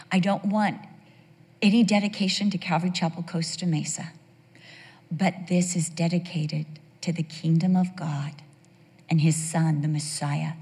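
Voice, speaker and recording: Woman pastor, animated sermon storyteller, slightly husky voice, long hall reverb. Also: on the low side, unhurried. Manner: animated storyteller, drops to a whisper for emphasis.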